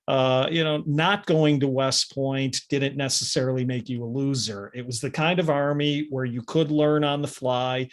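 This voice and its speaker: A man's voice: mid-range voice, steady tone, normal speed, hardly any pauses. Confident man explaining on a podcast. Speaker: podcast panelist. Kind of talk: casual history podcast discussion.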